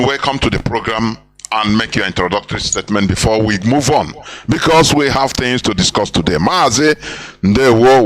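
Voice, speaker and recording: A man's voice: mid-range voice, fairly bright tone, low-quality recording. A man hosting a radio program, talking in a preachy, rambling way and dropping into phrases. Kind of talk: impassioned radio talk.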